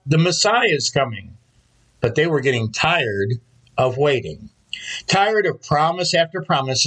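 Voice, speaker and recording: A man delivers a Sunday sermon from the pulpit, a pastor telling stories at an unhurried pace. His voice sits a little high for a man and carries a soft, husky edge, with a slight distance in places.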